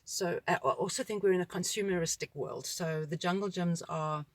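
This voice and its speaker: A woman with a South African accent, a school principal, talking in a relaxed discussion and acting out what children and parents say. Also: on the low side, fairly quick, dry recording. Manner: animated, acts out children's and parents' voices. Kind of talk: conversational discussion.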